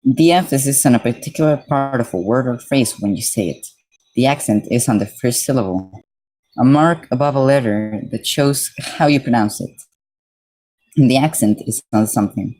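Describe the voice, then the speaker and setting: A man's voice: medium pitch, normal speed, a little mellow, low-quality recording. A man from Mexico streaming live, reading dictionary definitions aloud and breaking off to chat casually with his viewers.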